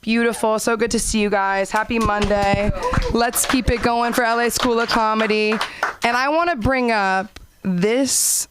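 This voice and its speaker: A young woman doing a stand-up comedy set and hosting an open mic, animated and acting out characters in high voices. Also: unhurried, background noise. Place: comedy club stage.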